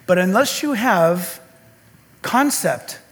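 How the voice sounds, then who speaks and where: High-voiced pastor guy preaching, jokey and sarcastic, voice jumps all over. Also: takes it slowly. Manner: animated and joking, sarcastic asides. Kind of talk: sermon.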